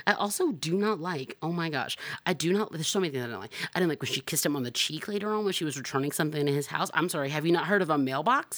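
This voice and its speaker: A young woman hosting a podcast in casual chat, sassy and animated, jumping to high exclamations. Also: fast, hardly any pauses, dry recording. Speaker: podcast host.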